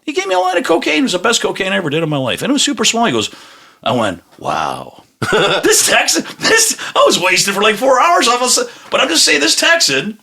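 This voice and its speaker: A man's voice: very high voice, huge pitch swings, fast talker, creaky, sharp tone. A man co-hosting a podcast, telling rambling stories with lots of swearing and laughter. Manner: rambling storyteller, swears, laughs a lot, acts out quotes. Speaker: podcast co-host. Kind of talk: casual chat.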